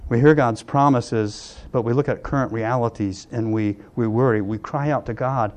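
An older man preaching a sermon, earnest, often dropping to a hush on key lines. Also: medium pitch, fairly even intonation, moderate pace. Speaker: pastor.

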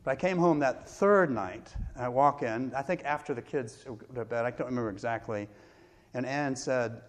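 A middle-aged male pastor preaching a sermon, telling a personal story with pauses and self-deprecating laughs. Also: medium pitch.

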